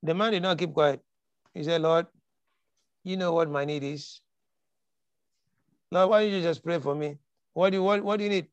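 A man's voice: fairly high pitch, moderate pace, long pauses, clear, resonant tone, dry recording, lo-fi sound. A man preaching a sermon, emphatic and repeating his key lines, quoting scripture dramatically. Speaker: pastor.

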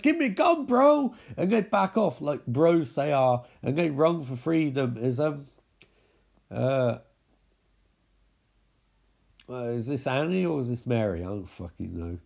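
A man's voice: fairly high pitch, gravelly, a little mellow, slightly rough. A man giving a mocking, profane recap of a zombie film with lots of exclamations. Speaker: film commentator.

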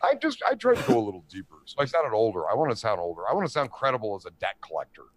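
A middle-aged man telling prank stories in casual chat, animated and profane, often asking "you know what I mean". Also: lowish voice, very fast, dry recording.

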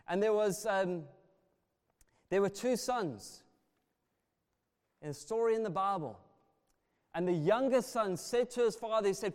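A man preaching a sermon, passionate and swinging between soft and loud delivery. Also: high-pitched, moderate pace. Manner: passionate, rising and falling in volume. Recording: long reverb of a large hall.

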